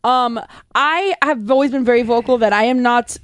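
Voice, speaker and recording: A woman's voice: on the high side, normal speed, no echo. A woman co-hosting a casual movie-review chat, talking loosely with many fillers. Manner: chatty, uses many fillers and restarts. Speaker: podcast co-host.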